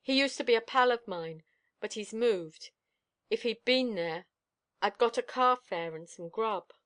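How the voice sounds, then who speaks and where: A woman reader voicing a ragged, worn-out young mother with a husky, sneering voice, in a storybook reading. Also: on the high side, expressive, a little slow, fairly bright tone. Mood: bitter. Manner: sneering, weary.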